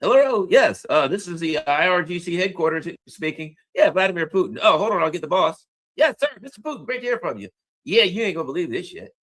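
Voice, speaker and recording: A man's voice: high voice, a little fast, pitched above the performer's own voice. A man putting on a jumpy, eager military officer. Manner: eager, slangy, excitable.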